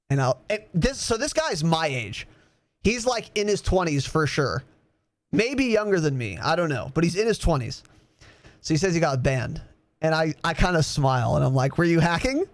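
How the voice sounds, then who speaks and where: Young male podcast host with an animated, laughing storytelling style, slightly high pitch, dry close sound. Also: no echo. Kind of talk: casual storytelling.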